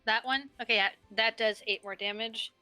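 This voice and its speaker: A young woman runs a tabletop game with playful, laughing narration. Her voice rides high and sounds very bright. The sound is dry and close, with no room echo. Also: steady tone, moderate pace, clean tone, faint music behind. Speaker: game master.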